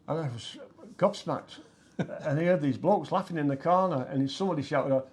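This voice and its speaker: A man's voice: fairly high pitch, brisk, darkish tone, husky. An older man, co-hosting a chat show and laughing through his anecdotes. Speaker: co-host. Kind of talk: casual chat. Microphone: live show mic.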